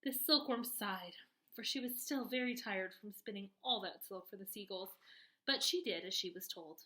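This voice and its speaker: A woman reading a children's book aloud with expressive delivery and little asides to her listeners. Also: medium pitch, moderate pace, rough recording. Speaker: reader.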